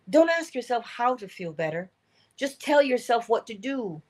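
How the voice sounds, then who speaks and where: A woman's voice: fairly high pitch, big pitch swings, normal speed, a little mellow. A woman speaks to her listeners in a motivational livestream talk. She is earnest and coaching, and she repeats her key phrases to press them home. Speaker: inspirational speaker.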